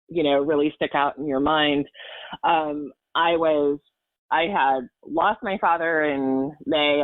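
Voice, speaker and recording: A woman's voice: low-pitched, no room sound. A woman in her forties telling a personal story in a podcast chat, earnest and emotional, rambling with fillers and restarts. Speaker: podcast guest. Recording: tinny phone-like line, dry.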